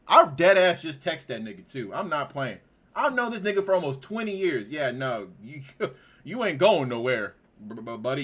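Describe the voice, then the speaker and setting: A man giving let's-play commentary on a game, slangy and profane, shaken and near tears, swinging from quiet mumbling to outbursts. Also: medium pitch, animated, normal speed. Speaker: gaming YouTuber.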